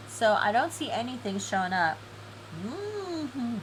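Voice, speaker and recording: A woman's voice: a little high, expressive, unhurried, a little hiss or hum, rough recording. A woman live-streaming an online game event, chatty and giggly, reading game text aloud.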